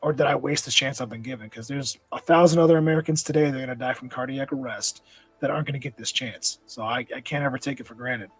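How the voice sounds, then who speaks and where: Earnest, husky-voiced man telling his story. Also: mid-range voice, fast, no echo, faint music behind, poor audio. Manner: earnest, intense, repeats words when stirred. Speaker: podcast guest, nonprofit founder. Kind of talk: emotional personal story.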